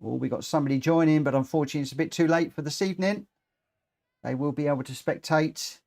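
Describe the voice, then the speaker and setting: A man's voice: fairly high pitch, fast, creaky, darkish tone. A man hosting a live racing game stream, chatting casually and self-mockingly as he reads out chat. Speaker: livestream host running online racing lobbies.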